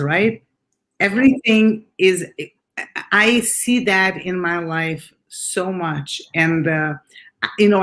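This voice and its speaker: A woman's voice: fairly low pitch, fairly bright tone. Enthusiastic woman hosting an interview. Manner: emphatic, enthusiastic, repeats words when starting sentences. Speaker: podcast host and retreat leader. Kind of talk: conversational interview.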